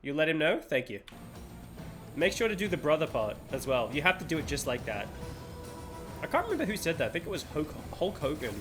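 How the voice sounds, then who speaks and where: A man's voice: a little high, big pitch swings, brisk. A man chatting live while streaming a game, rambling playfully and laughing at himself. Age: adult. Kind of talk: live gameplay chat. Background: game music.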